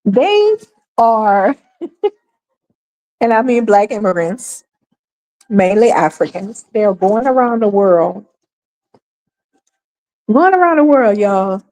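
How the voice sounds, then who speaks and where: Speaking slowly with long pauses, this livestream host has a warm, mid-range voice and lively intonation. She addresses her viewers directly in a chatty, emphatic way, repeats herself and laughs now and then.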